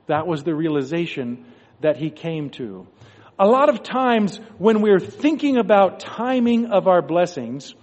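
A religious speaker with a high, slightly mellow voice gives a devotional talk, telling a story and acting out what its characters are thinking. The recording is dull, made in a reverberant hall.

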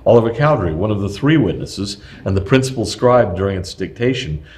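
A man reading a scripted historical text aloud in a measured, steady way, with occasional small slips. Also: fairly low pitch.

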